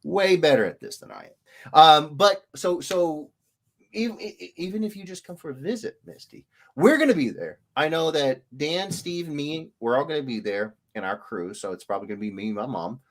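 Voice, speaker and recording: An illustrator running a laid-back livestream talks at normal speed in a fairly high voice. His intonation constantly leaps around, each commenter gets a playful sing-song greeting, and the whole chat feels animated.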